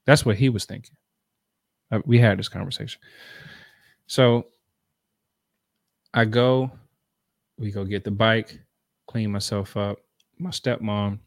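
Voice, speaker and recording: A man's voice: lowish voice, steady tone, measured pace, long pauses, dry recording, studio quality. A man, earnestly telling a personal story in a conversational, repetitive way to make a motivational point.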